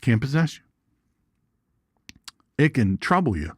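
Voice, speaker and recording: A man's voice: medium pitch, a little slow, husky, no echo, clean studio sound. A man hosting an informal Bible teaching show, folksy and chatty, with jokes and asides. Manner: folksy and animated, asides and jokes, reads viewer comments.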